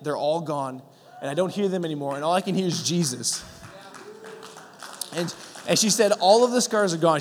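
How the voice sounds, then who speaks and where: A man telling a testimony in a sermon, earnest, with many fillers and restarts. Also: fairly high pitch. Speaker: preacher sharing a testimony. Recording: long hall reverb.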